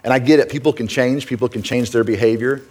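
A man's voice: medium pitch, steady tone, quick pace, a little mellow. A middle-aged man preaching a sermon as pastor, earnest and conversational, often checking in with "right?".

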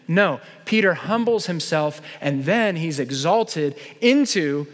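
A man preaching a sermon to his congregation, swinging between loud, fervent peaks and soft, slow passages. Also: a little high, expressive. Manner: impassioned, building to loud peaks and dropping to soft, slow lines. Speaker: pastor. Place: church sanctuary. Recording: long hall reverb.

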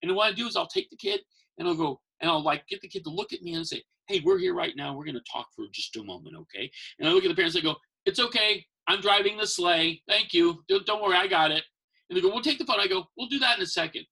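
Gravelly, husky man telling stories. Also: sits high, huge pitch swings, very fast, bright, forceful tone, rough recording. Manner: rambling, acts out quoted voices. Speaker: professional Santa and magician. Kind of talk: casual conversational storytelling.

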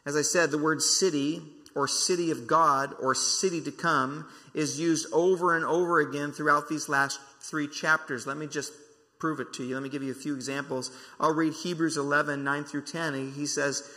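A man preaching with a bright, tense, slightly high voice, pressing hard on key words and circling back to them again and again. The sermon rings out in a large hall with a long reverb tail. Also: fairly even intonation, moderate pace, creaky. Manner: emphatic, repeats key words for stress.

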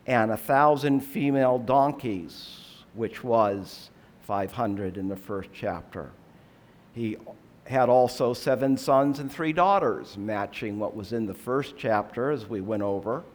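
A man preaching a sermon, explaining scripture in a measured, earnest way and asking rhetorical questions. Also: mid-range voice.

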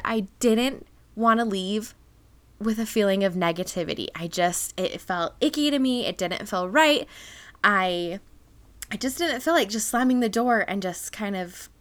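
Bright, candid woman podcast host. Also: medium pitch. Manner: candid, animated, laughs often. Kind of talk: personal podcast talk.

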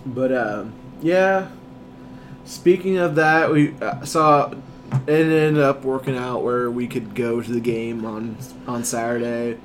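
A man's voice: medium pitch, slow. Rambling man, noisy room. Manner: rambling, stumbling over words, laughing. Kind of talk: casual chat.

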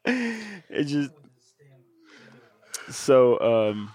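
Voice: medium pitch, sing-song, very slow, darkish tone, dry recording. A podcast co-host chatting casually in a laid-back way, who speeds up when riffing.

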